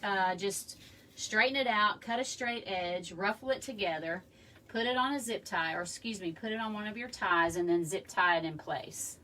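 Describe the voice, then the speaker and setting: In a medium-pitched, sharp-toned voice at normal speed, she hosts a casual live craft session at home, chatting and rambling with warm asides to her audience. The sound comes from a far-off room mic, with faint noise in the background.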